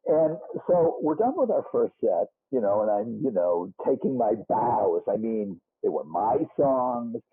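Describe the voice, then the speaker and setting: Animated older man telling rock stories. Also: fairly low pitch, unhurried, hardly any pauses, breathy edge. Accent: Boston. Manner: animated, rambling with frequent restarts and asides. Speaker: musician interview guest. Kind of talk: casual storytelling interview. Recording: muffled phone-like band.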